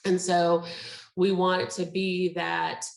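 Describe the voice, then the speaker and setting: A woman's voice: lowish voice, level tone, takes it slowly, vocal fry, reverberant, poor audio. A woman presenting a medical school program in a chatty, explanatory way with plenty of fillers, speaking on a video call. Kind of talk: virtual info session talk.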